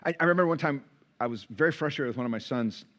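A male pastor with a medium-pitched voice talks fast while preaching from the pulpit in a church sanctuary. Through a pulpit mic, he tells animated stories and acts out the voices of the people in them.

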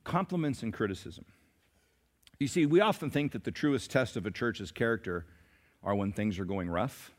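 A man's voice: fairly low pitch, expressive, moderate pace, big-room sound. Preaching man with a pastor's voice. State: a little sick, clearing throat. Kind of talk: sermon. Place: church sanctuary.

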